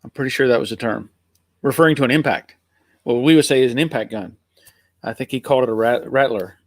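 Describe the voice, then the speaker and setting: Talking fast, this middle-aged Pennsylvania man hosts a live stream and chats loosely with viewers, going through their comments. His accent sits between Northern and Southern US, at an ordinary male pitch. Audio is dry and close-miked, with no echo.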